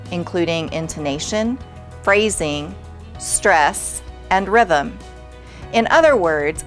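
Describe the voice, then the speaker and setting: A woman giving clear, measured scripted narration for a teaching video, explaining a classroom strategy. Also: lowish voice.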